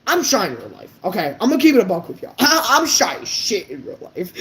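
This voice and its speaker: A woman's voice: medium pitch, sing-song, a little fast, hardly any pauses, rough recording. Blunt, profane woman vlogger ranting. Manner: blunt, profane, stumbling over words. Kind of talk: unscripted rant to camera.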